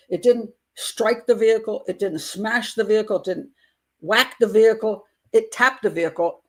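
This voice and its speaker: An older woman, a grandmother, hosting a live chat and telling an indignant story with wry laughs. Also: mid-range voice. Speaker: host. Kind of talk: casual livestream chat.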